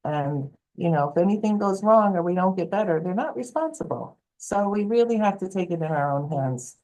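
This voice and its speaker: Lady health coach telling stories, mellow lowish voice, gets animated. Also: fairly quick, low-quality recording. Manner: animated, acts out quoted voices. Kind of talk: storytelling interview answer.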